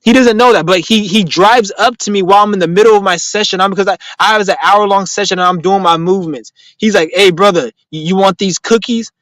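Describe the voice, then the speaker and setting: A man's voice: high voice, fast talker, few pauses, no echo, poor audio. A man chatting casually on a live stream, answering viewers in rambling, profane street slang and telling stories with animation. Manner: animated storytelling.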